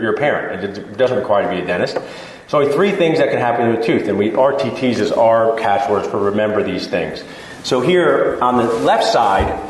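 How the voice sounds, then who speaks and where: A male dentist with a mid-range voice jokes his way through a casual conference talk for dental students, playing out chats with his patients. The large lecture hall makes for an echoey recording with long reverb, plus slight background noise.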